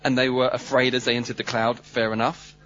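A man preaching a sermon, animated and humorous, swinging between loud bursts and hushed asides. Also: medium pitch, fairly quick, highs cut off.

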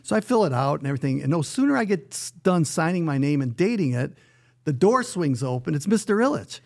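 Gravelly man telling a lively story. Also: fairly high pitch, fairly quick. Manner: animated storyteller who acts out quoted dialogue. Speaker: hockey radio announcer, guest. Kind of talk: storytelling in a podcast interview.

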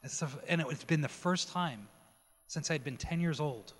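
A man preaching his personal testimony, telling the story with animated energy and acting out quoted dialogue. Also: fairly high pitch, normal speed. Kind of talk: testimony sermon. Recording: long hall reverb.

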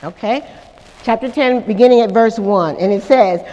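A woman's voice: a little high, normal speed, a little mellow, in a large hall. A woman pastor preaching a sermon at a church service, with dramatic call-and-response to the congregation.

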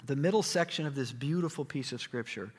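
A man's voice: medium pitch, brisk, breathy edge. Man preaching in an echoey hall. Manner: dramatic storytelling, swings from loud to hushed. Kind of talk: sermon.

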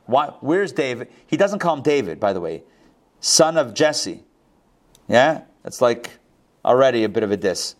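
A man teaching a Bible class. He reads verses aloud and breaks in with casual commentary, full of restarts and quick asides. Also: medium pitch, big pitch swings.

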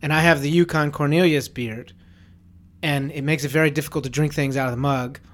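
A man's voice: on the high side, fairly even intonation. A man hosting a podcast, who chats casually, jokes at his own expense, and laughs easily. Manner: teasing, jokingly self-pitying, quick to laugh. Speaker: podcast host. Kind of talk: casual chat.

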